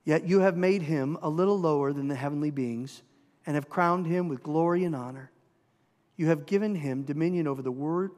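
A man with a Minnesotan accent preaching a sermon, asking the congregation questions with emphasis. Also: fairly high pitch. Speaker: pastor. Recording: long hall reverb.

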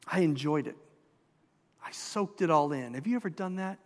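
A man's voice: fairly high pitch, lively intonation, moderate pace. A man with a Minnesotan accent preaching a sermon, asking the congregation questions with emphasis. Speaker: pastor. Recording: long hall reverb.

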